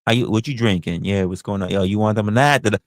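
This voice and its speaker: A livestream host acting out a boastful reformed soul snatcher confessing to a support group, with a slangy drawl. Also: male voice, fairly low pitch, quick pace, no echo, voice pushed down, lightly acted, poor audio. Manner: swaggering, drawling storyteller with street slang. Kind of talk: comedic improvised skit on a livestream.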